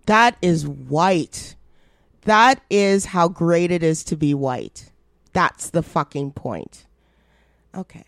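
A woman's voice: lowish voice, lively intonation, takes it slowly, creaky, no echo, studio quality. A woman co-hosting a podcast, talking in heated, indignant casual chat and swearing freely. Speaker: podcast co-host.

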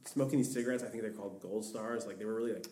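A man's voice: on the low side, fairly even intonation, rapid-fire, mellow, a little hiss or hum. A young man, a podcast guest, telling a long story in a rambling way, full of "like". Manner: rambling, heavy use of "like". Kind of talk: storytelling in casual conversation. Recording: echoey room, distant mic.

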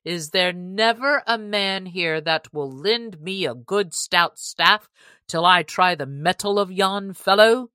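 Burly slow-tempered yeoman, read by a woman, loud old-fashioned speech, bright tone. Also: fairly low pitch, clean tone, no room sound. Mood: angry. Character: tall burly male yeoman, hearty, slow to anger.

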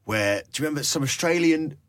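A man who is a radio presenter, a guest in a studio, telling anecdotes in a lively, casual way. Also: fairly high pitch, fast talker, dry recording. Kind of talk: casual chat.

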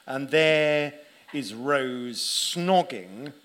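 A man's voice: medium pitch, lively intonation, very slow, a bit bright. A man co-hosting a live podcast, chatty and enthusiastic as he tells stories. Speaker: podcast co-host. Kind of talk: live podcast chat before an audience.

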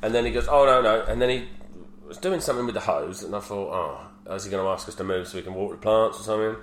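A man's voice: on the low side, quick pace. A man in his thirties, telling candid stories in casual podcast chat and swearing freely. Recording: roomy echo with faint hum.

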